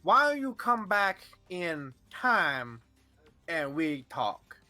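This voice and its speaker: A man voicing a friendly small-town shopkeeper who speaks slowly and neighborly. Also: on the high side, very animated, pushed and bright, faint music behind, heavily acted. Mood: welcoming.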